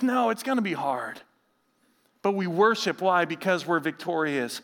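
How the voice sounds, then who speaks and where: A man in his thirties or forties, a pastor preaching a sermon, telling stories with animation and reading scripture slowly. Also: sits high, big-room sound. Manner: animated storytelling, acting out others' voices; reads scripture slowly and gravely.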